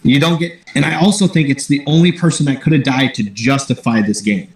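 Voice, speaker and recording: A man joins a podcast as a guest and talks in a thoughtful, earnest way. His voice sits at an ordinary pitch and carries a noticeable roomy echo. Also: steady tone, fairly quick, crowd noise. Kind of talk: casual podcast chat.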